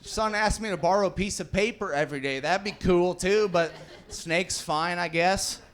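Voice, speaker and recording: A man's voice: high voice, moderate pace, a bit bright. A man in his thirties doing a casual stand-up set on a club stage, swearing freely and acting out the voices of the people in his stories. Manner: casual, swearing, acts out quotes. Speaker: stand-up comedian. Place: comedy club stage with live audience.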